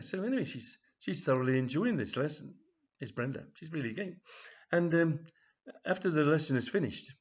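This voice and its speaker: A man reading a comic story aloud, rambling and chuckling, with a husky voice. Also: fairly high pitch, lively intonation, moderate pace. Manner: rambling, full of ums and chuckles. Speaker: comedy storyteller. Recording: dull, lo-fi home recording.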